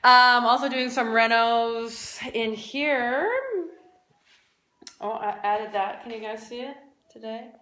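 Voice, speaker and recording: Slow, chatty woman, bright voice. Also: on the high side, steady tone. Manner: chatty, rambling, many fillers. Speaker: athlete hosting a livestream. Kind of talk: casual livestream chat. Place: room at home. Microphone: phone livestream. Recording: roomy home recording.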